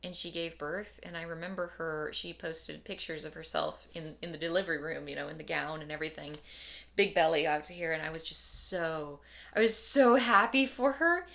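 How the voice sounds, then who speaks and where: A woman's voice: low voice, level tone, brisk, vocal fry, fairly bright tone. A young adult woman talking casually to camera in a rambling, wry, tired way, often repeating herself. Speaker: vlogger. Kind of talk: casual personal vlog.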